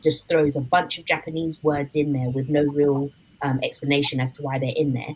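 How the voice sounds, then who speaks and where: A woman's voice: sits low, little pitch movement, fairly quick, a little mellow, slight background noise, rough recording. A woman hosting a casual book discussion, talking carefully and qualifying her points. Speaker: host.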